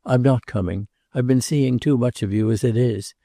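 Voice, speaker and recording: A man's voice: mid-range voice, normal speed, vocal fry, warm tone, no room sound, clean studio sound, lightly acted. A man reading aloud as a lovesick young male decorator, earnest and pleading.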